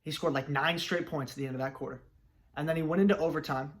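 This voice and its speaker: A man's voice: a little high, fast talker, slight background noise. Chatty young man telling a story. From Los Angeles, United States. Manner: lively, chatty, acts out family dialogue. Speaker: vlogger telling a personal story. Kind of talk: casual storytelling.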